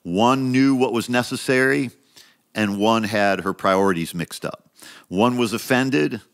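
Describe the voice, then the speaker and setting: A man preaching a sermon as pastor, conversational and emphatic, repeating phrases and climbing higher when he stresses a point. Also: unhurried, clean tone. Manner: conversational preaching with frequent restarts and asides.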